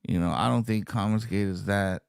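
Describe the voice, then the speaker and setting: Gravelly low-voiced man in casual chat. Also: steady tone, a little fast, dry recording, studio quality. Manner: laid-back, hesitant opinions. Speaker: stream guest. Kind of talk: casual chat on a live stream.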